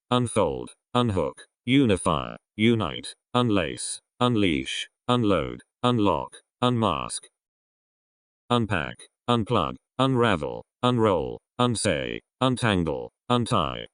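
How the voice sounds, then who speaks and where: A man reading a vocabulary list aloud, one word at a time with pauses between them. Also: sits low, sing-song, fairly bright tone, smooth, dry recording, clean studio sound. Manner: reads single words one by one with pauses. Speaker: vocabulary reader.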